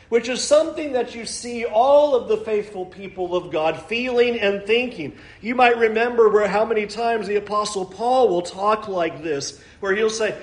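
A man with a fairly high voice preaches a sermon in an echoey church room. He is earnest, slowing down to read scripture and pressing hard on the key lines. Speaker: pastor.

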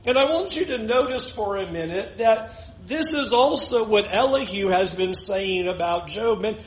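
A man teaching a verse-by-verse Bible lesson in an expressive way, with frequent chuckles and dramatic pauses. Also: high voice. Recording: echoey room.

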